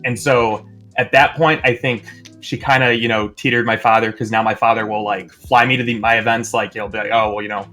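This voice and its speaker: A man's voice: mid-range voice, flat delivery, a little fast, bright, forceful tone, faint music behind. A man guesting on a casual podcast chat, speaking loosely with lots of fillers. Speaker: streamer guest.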